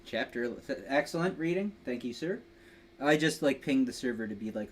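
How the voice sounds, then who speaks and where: A man's voice: medium pitch, animated, a little fast, a little hiss or hum. A young man hosting a casual livestream, rambling and joking while drinking, reading a fanfic aloud mockingly. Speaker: livestream host.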